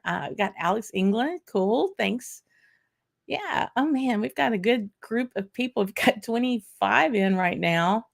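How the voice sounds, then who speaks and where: A woman chats through a casual livestream as host, excited and talkative, thanking viewers one after another. Her mid-pitched voice carries a gravelly fry, and her talk is loose and full of fillers and small laughs. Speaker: whisky channel host.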